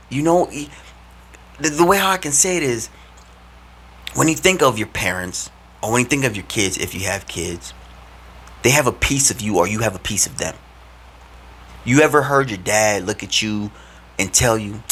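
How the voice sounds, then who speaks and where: Animated slangy man telling a story. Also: on the low side, normal speed, slightly rough. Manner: animated, slangy, leaps into acted quotes. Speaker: vlogger. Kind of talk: casual spiritual storytelling.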